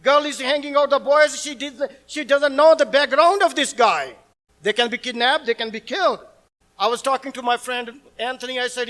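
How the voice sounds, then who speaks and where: High-pitched, bright-voiced male preacher. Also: moderate pace, rough recording. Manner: earnest, blunt preaching with broken non-native English phrasing. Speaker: pastor. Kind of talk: sermon.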